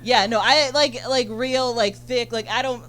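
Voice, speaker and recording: A woman doing a stand-up set on a club stage, chatty and bubbly, full of fillers and quick asides to the crowd. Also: on the high side, fairly even intonation, a bit bright, a little hiss or hum. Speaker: stand-up comedian. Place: comedy club stage in front of an audience.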